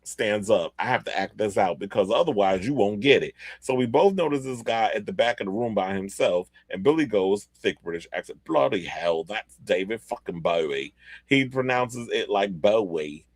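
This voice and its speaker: A man's voice: fairly low pitch, animated, normal speed, few pauses, no echo. A man hosting a podcast, chatting casually and reading article excerpts aloud with asides along the way. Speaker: podcast host. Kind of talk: casual pop-culture commentary.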